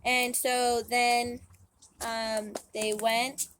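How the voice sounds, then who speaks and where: Young woman, host, casual story retelling, slangy and chatty, a bit high-pitched. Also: little pitch movement, extremely slow, a bit bright, slight background noise. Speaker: channel host.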